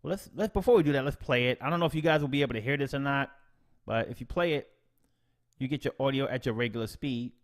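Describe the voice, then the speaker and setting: A man's voice: medium pitch, quick pace. A young man hosting a casual live stream tutorial, chatty and upbeat, with playful slang, reading out viewers' comments. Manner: upbeat, slangy, chatty, reads chat shout-outs aloud.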